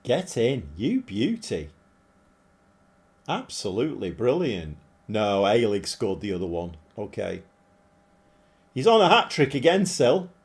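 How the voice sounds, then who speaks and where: A middle-aged man commentating live on his football management game, animated and often shouting at his players. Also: fairly low pitch, a little slow, long pauses. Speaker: game streamer.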